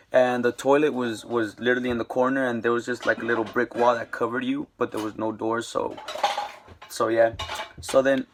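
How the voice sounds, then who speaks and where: A man's voice: medium pitch, a little hiss or hum. A young man casually telling a rambling, slangy story to camera, with lots of fillers. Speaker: vlogger.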